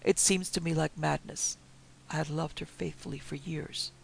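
A lovesick young nobleman, speaking in a hoarse and passionate voice, read by a man. The voice is gravelly and a touch high. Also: steady tone, moderate pace, a little hiss or hum. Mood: desperate.

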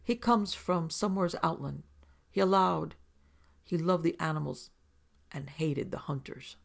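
A man voicing an old rustic mountain hunter, spinning unhurried tales in a folksy backwoods dialect. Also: a little high, gravelly. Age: older.

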